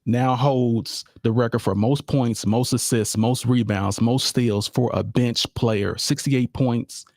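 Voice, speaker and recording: A man with a mid-range, somewhat mellow voice hosts a live sports podcast at a slow, steady pace. His manner is laid-back and chatty, with repeated phrases and direct address to y'all listeners, captured in a dry, studio-quality recording.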